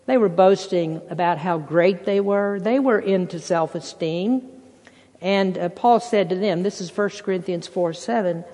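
A preacher in full sermon, pressing points hard and then dropping to a near hush before rising again. Scripture quotes are worked into the flow and given voices of their own. The sound rings with the long tail of a big hall. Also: medium pitch, unhurried. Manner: emphatic, swinging between loud bursts and hushed passages.

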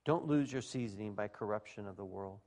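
A male pastor with a fairly low-pitched voice preaches to his congregation in an animated, folksy way, mixing speech with shouted exclamations at a fairly quick pace.

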